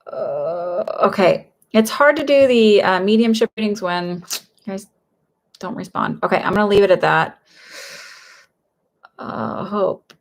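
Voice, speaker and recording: A woman psychic medium doing readings on a live stream. She reads each viewer's question aloud and then answers in a loose, rambling way, full of "um"s and restarts. Her voice has a gravelly, fried edge, at a middle pitch. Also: measured pace, long pauses. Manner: rambling and hesitant, with many fillers.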